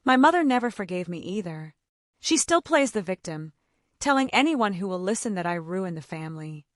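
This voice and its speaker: A woman telling a dramatic first-person family story in a measured way. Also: mid-range voice, sing-song, no echo, studio quality.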